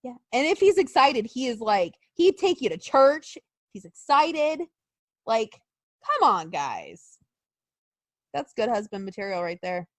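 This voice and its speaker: A woman's voice: a little high, sing-song, unhurried, dry recording. A woman co-hosting a podcast in casual chat, gushing and giggly, swearing now and then. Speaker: podcast co-host.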